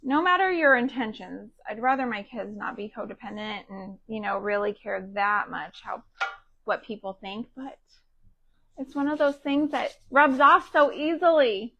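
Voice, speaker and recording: A woman's voice: fairly high pitch, moderate pace, fairly bright tone, rough recording. A woman, around her thirties and from Texas, chatting casually and rambling with lots of fillers while she crafts live for her viewers. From Texas, USA. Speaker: craft livestream host.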